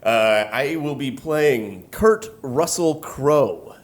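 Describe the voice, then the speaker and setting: A man's voice: medium pitch, expressive. A man who is a player in a tabletop game, introducing his character in casual, giggly chat. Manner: giggly, unhurried.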